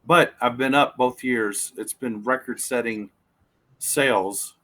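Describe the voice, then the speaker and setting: A man from a cigar company, explaining things in a relaxed way during a casual chat. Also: medium pitch, slow pace, rough recording.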